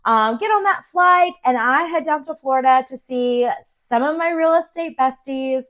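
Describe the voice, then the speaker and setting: A middle-aged woman from Central Virginia, a real estate agent, telling a personal story in a chatty, animated way with plenty of fillers. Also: sits high, moderate pace. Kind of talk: casual storytelling vlog.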